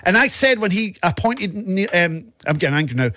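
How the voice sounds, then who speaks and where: Ranting Scottish man, high voice. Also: sing-song, moderate pace, hardly any pauses, bright, forceful tone, no room sound. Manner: ranting, sweary, impassioned. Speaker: podcast co-host. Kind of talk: casual football chat.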